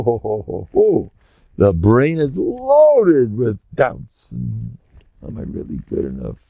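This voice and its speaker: Older American rabbi, gravelly lively storytelling. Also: male voice, mid-range voice, no echo. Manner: animated storyteller who acts out scenes. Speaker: rabbi giving a lecture. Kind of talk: Torah lecture with storytelling. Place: lecture room with listeners.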